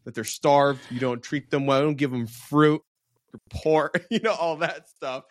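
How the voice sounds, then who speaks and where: A man's voice: fairly high pitch, unhurried, dry recording, studio quality. A man hosting a podcast in casual chat, laughing often and rambling with restarts. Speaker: podcast host.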